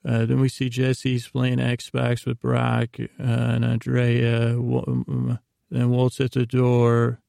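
A man hosting a sleep podcast, who retells a TV episode in a slow, meandering way with lots of fillers. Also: medium pitch, completely flat delivery, gravelly, dark tone, dry recording, clean studio sound. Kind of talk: rambling episode recap.

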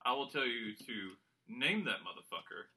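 A man's voice: mid-range voice, moderate pace. A man hosting a casual party game among friends, explaining the rules and reading movie quotes. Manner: reads quotes in a flat monotone. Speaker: game host. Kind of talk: casual podcast game chat.

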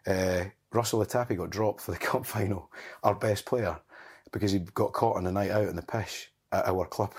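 A man's voice: low voice, fairly even intonation, moderate pace, breathy edge. A Scottish man in his forties telling rambling stories in casual chat, laughing often and swearing. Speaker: podcast guest.

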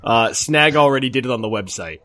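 A man's voice: mid-range voice, animated, fairly quick, fairly bright tone. Cheery guy hosting a chill podcast, laughs a lot. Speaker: podcast host. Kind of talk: casual podcast chat.

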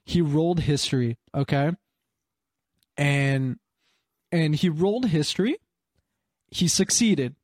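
Excitable young man retelling a game. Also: a little high, slow, long pauses, no room sound, studio quality. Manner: excitable, rambling, acts out quotes. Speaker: game master. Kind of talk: casual chat, retelling a game session.

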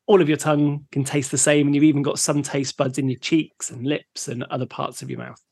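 Male podcast co-host, chatty and easygoing, gravelly tone, dry close sound. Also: fairly high pitch, little pitch movement, a little fast, a little mellow, no echo. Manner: chatty, easygoing, laughs along. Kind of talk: casual chat.

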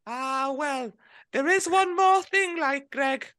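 Squeaky footballer. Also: male voice, takes it slowly, pushed and bright, full character voice. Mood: pleading. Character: cheeky young male footballer with a Geordie accent.

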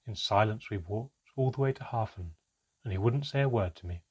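Man doing an elf voice, solemn, reluctant, halting, low, slightly husky, storybook reading. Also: a little mellow. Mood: grave.

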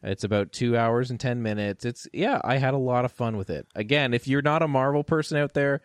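A man casually reviewing a film with a friend, animated, laughing often and swearing. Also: medium pitch, fairly quick, dry recording, studio quality. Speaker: podcast co-host. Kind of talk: casual movie review chat.

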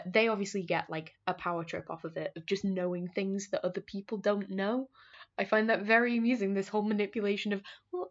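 A woman voice actor chatting casually in an interview, playful and laughing often. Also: fairly low pitch. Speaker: audio drama voice actor. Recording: dull lo-fi recording.

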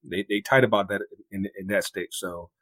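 A man's voice: deep voice, normal speed, a bit bright. A man hosting a casual sports podcast, riffing and laughing, with frequent stammered restarts. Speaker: podcast host.

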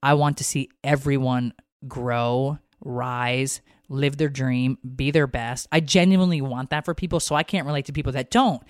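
A woman's voice: extremely low pitch, fairly even intonation, moderate pace, no echo, clean studio sound. A woman co-hosting a podcast in casual chat, rambling and emotional, swearing freely. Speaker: podcast co-host.

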